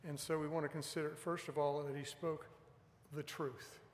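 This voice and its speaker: A man's voice: a little high, level tone, normal speed, slight background noise. A man preaching a sermon in an earnest, emphatic way, pressing on key words. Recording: echoey hall with long reverb.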